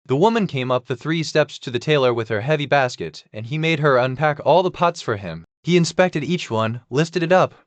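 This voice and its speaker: Steady male fairy-tale narrator. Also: mid-range voice, fairly quick, hardly any pauses, no echo. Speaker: audiobook narrator.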